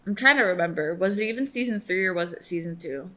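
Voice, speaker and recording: A young woman hosting a reaction video, chatting casually and gushing excitedly at the screen. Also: fairly low pitch, fast.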